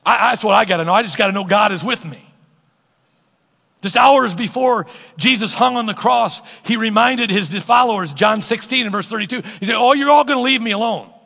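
A man's voice: high voice, normal speed, vocal fry, pushed and bright. A man preaching a sermon as pastor, emphatic and calling on his congregation to respond, in a church sanctuary with long reverb. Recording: long reverb of a large hall.

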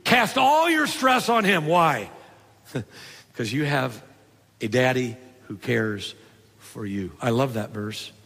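An older pastor preaches a sermon with a big-room sound, telling stories conversationally and dropping low and soft for the tender points.

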